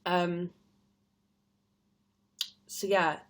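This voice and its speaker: A woman's voice: medium pitch, moderate pace, pauses often, fairly bright tone. A young woman with an English accent, chatting casually on a live stream and reading out viewers' comments, rambling with lots of fillers. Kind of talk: casual chat.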